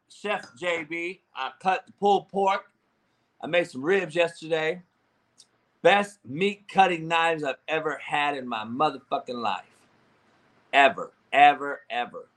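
A man hosting a live show, yelling and cussing as he answers the chat, speaking on a phone held far away. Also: fairly high pitch. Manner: loud, yelling, profane, confrontational. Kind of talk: profane ranting commentary.

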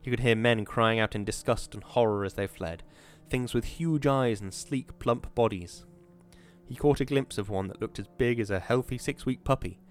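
A man reading a story aloud in steady, measured audiobook narration. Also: mid-range voice, faint music behind.

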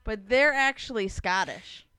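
Laid-back woman in her late 20s, smooth clear voice, dry sound, kinda high. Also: lively intonation, measured pace, sharp tone, no room sound. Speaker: podcast co-host. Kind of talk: casual chat, storytelling.

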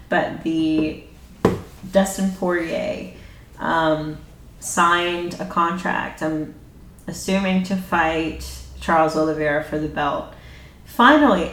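Woman podcast host, lowish voice, loose chatty style, lots of "you know", roomy echo. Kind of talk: casual solo podcast chat. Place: home room. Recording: roomy, a bit distant from the mic.

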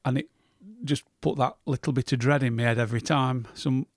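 A man's voice: mid-range voice, fairly even intonation, a little fast, no echo, clean studio sound. A middle-aged man, casually telling a funny story and chuckling along. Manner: chatty, laughing at his own tale.

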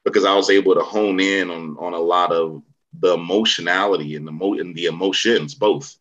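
A middle-aged man from the Bay Area recounting his start in acting during a relaxed interview, circling back with "you know" and restarts. His voice sits very low yet comes across bright and forceful. The recording is a little dull and muffled. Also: brisk. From Vallejo, Bay Area, California. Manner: rambling storyteller, many fillers and restarts. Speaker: actor, interview guest. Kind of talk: casual interview conversation.

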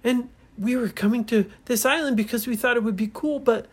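A woman voicing a chatty little boy who explains things in a raised, lively voice. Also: fairly high pitch, a little fast, husky, pitched above the performer's own voice.

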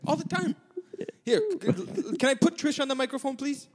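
A man's voice: very high-pitched, normal speed, creaky. A man doing a comedic impression of a brash, boastful male reality-TV contestant, rambling and joking with stammered restarts. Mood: brash teasing. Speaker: podcast co-host in character.

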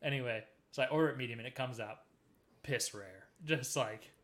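Fast-talking man telling a story. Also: medium pitch, fairly bright tone, slight background noise. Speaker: podcast co-host. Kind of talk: casual chat.

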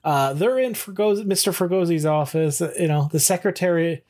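Guy w a fairly high voice chatting thru an old tv episode, lively, laughs a lot. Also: moderate pace. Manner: animated retelling, laughing often. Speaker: podcast co-host. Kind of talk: casual recap of a TV episode.

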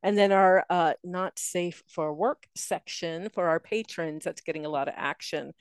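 A woman's voice: lowish voice, normal speed, smooth, no echo. A middle-aged woman co-hosting a podcast, chatty and upbeat, sharing show news and laughing easily. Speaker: podcast co-host. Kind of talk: casual chat and show announcements.

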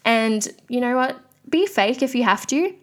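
A woman's voice: on the high side, lively intonation, unhurried, fairly bright tone. Chatty woman podcast host. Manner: candid, chatty rant with frequent fillers. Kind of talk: solo podcast monologue.

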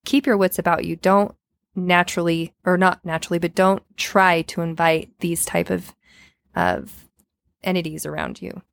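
A woman's voice: lowish voice, animated, moderate pace, creaky, no echo. A woman co-hosting a podcast, casually telling a story with lots of filler words. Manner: chatty, retells a story with many filler words.

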